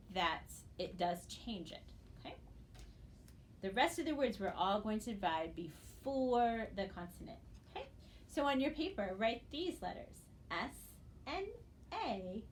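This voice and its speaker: A woman teaching a phonics lesson, sounding out syllables slowly and checking in with "okay?" after each step. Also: mid-range voice, slight background noise. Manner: patient, checks in with frequent "okay?". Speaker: reading teacher.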